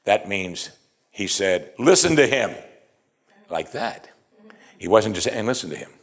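A man with a low-pitched voice preaches a sermon in an animated, conversational way. He jumps into quoted lines with a raised voice and chuckles as he explains the scripture. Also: measured pace.

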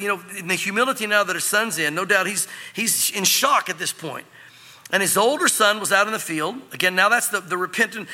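A man preaching an animated sermon in a church hall. His voice is high, bright and slightly husky, and it rings with long reverb. He slips in and out of the parable's characters as he talks. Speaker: pastor.

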